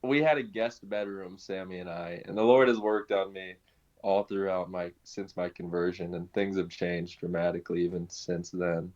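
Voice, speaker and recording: A young man telling his conversion story in casual conversation, animated, laughing often and restarting his sentences. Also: deep voice, moderate pace. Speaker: guest sharing his conversion testimony. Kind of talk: conversational personal testimony. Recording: dull lo-fi sound.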